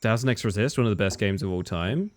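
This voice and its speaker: A man's voice: on the low side, quick pace. A man streaming a video game live, chatting casually with viewers and reacting to the game as he plays. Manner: chatty, answers chat and reacts to the game as he goes. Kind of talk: casual live-stream commentary while playing.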